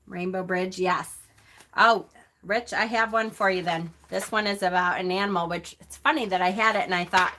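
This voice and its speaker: A woman's voice: fairly low pitch, fairly even intonation, normal speed, a bit bright, slight background noise. A middle-aged woman hosting a live stream, chatting casually and answering viewers' comments by name. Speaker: host of a pagan live stream.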